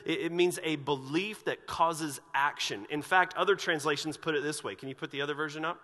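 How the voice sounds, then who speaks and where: A man's voice: a little high, fairly quick, few pauses, long reverb tail. A man preaching a sermon as pastor in a church, asking earnest, searching questions of the congregation. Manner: earnest, questioning, animated when retelling scripture scenes. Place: church sanctuary.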